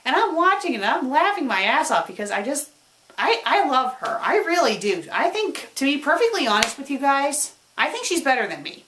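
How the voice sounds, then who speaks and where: A woman who runs a web show, answering her viewers' questions in a casual vlog. She talks in an animated way, swings between excited and subdued, and repeats words when she stumbles. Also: high-pitched, brisk, slight background noise.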